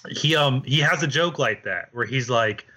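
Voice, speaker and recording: Bright-voiced man chatting loosely. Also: medium pitch, moderate pace. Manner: loose, laughing, swears freely. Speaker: podcast co-host. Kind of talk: casual chat.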